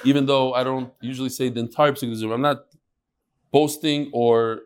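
A middle-aged man teaching a daily Talmud class with lively storytelling and quick asides. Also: medium pitch, clean tone. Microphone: on Zoom.

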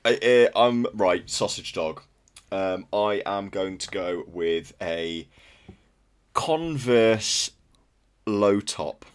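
Deep-voiced laid-back man. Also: expressive, drawn-out words, clean tone. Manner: easygoing, laid-back storytelling. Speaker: podcast co-host. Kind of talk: casual podcast chat.

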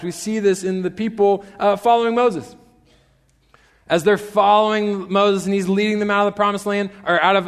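A young man preaching a casual sermon, an animated storyteller who acts out quotes with playful asides. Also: high-pitched. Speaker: pastor. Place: church sanctuary. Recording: long church hall reverb.

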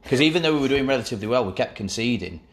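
A man hosts a relaxed chat about football and teases his co-host in a dry way. His voice sits at an ordinary middle pitch. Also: racing. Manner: dry teasing banter. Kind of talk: casual chat.

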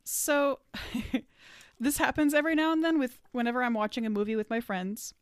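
A woman hosting a podcast with a fairly high, upbeat voice, giggling as she chats. Her sound is close and dry, with no room around it. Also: moderate pace, smooth, no echo. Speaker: podcast host. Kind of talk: casual chat.

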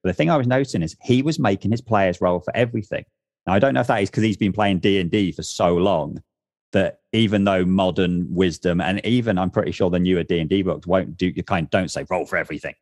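Fast-talking deep-voiced man. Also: dry recording, studio quality. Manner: rambling, self-correcting, animated. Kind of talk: casual chat about tabletop games.

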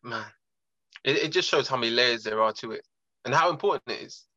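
A man's voice: mid-range voice, fairly quick, sharp tone, no echo. A male host asking eager, curious questions in a casual interview. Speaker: podcast host. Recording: dull, dry lo-fi sound.

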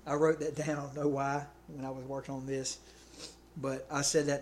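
A man's voice: a little high, flat delivery, a little fast, long pauses, a little mellow, a little hiss or hum. A man preaching a sermon in a conversational way, often checking in with his listeners. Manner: conversational, checks in with "okay" and "right".

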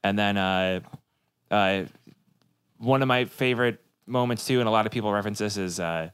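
A laid-back man with a smooth, clean voice chats casually on a podcast. He laughs easily and swears offhandedly. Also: on the low side, normal speed, a bit bright. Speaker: podcast co-host. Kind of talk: casual chat.

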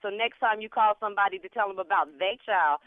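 A woman's voice: medium pitch, fast, no echo. A woman answering a phone call, firm and indignant, talking over the caller. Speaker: prank call target. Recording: tinny phone line.

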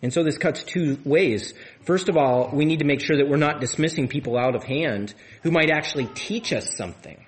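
A man's voice: on the high side, brisk, hardly any pauses. Man preaching a conversational sermon. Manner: conversational, repeats words and restarts often. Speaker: pastor. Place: church.

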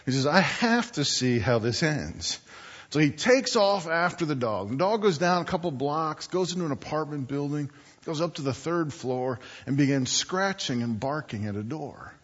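Guy preaching in a church, tells it like a story, lots of "right?", husky voice, big hall echo. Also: on the high side, normal speed. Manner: animated storyteller, rhetorical questions. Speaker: guest preacher. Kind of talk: storytelling sermon. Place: church sanctuary. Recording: dull church recording with long hall reverb.

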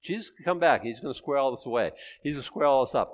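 A male pastor delivers a sermon at a rapid clip, like an auctioneer. His tone is conversational and direct, with emphatic repetition. His pitch sits in the middle range for a man. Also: expressive. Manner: fast-talking, conversational, emphatic.

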